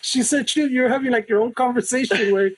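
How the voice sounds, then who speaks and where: A man's voice: very high-pitched, a little fast, breathy edge, no echo. A man with a Chicano English accent, co-hosting a podcast, who teases his friend with a skeptical laugh. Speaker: podcast co-host. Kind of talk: casual chat.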